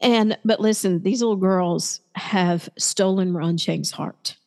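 A woman's voice: fairly low pitch, takes it slowly, a little mellow, big-room sound. Woman telling a chatty story. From Tennessee. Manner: chatty storyteller, acts out quoted voices. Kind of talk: casual chat.

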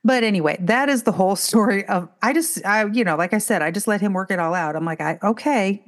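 Middle-aged woman, animated storyteller, mid-pitched, lots of self-interrupting restarts; casual co-host chat. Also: quick pace. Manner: animated storytelling, acting out quotes with many restarts.

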